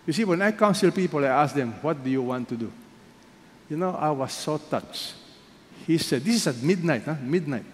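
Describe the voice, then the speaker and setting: A man with a Filipino accent preaching a sermon as pastor, firing rhetorical questions and swinging between loud emphasis and hushed asides. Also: on the high side, lively intonation, normal speed. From Philippines. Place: large church hall. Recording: echoey hall, faint background noise.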